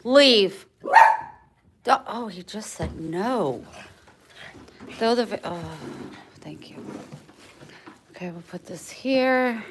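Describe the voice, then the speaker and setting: A middle-aged woman vlogging casually, chatting and loudly scolding her dog. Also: medium pitch, animated, slow, long pauses, noisy background. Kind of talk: casual vlog talking to her pets.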